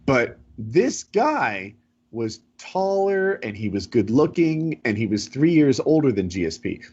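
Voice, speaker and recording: A husky man hosts a casual podcast, rambling through a story with lively swings in pitch. His voice comes through a dull, lo-fi home mic. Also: unhurried. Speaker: podcast host.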